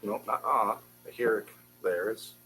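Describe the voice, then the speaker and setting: A man's voice: lowish voice, measured pace, sharp tone, soft background music, poor audio. A man teaching a beginners' Hebrew class, patiently drilling syllables and encouraging his students. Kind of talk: classroom language lesson.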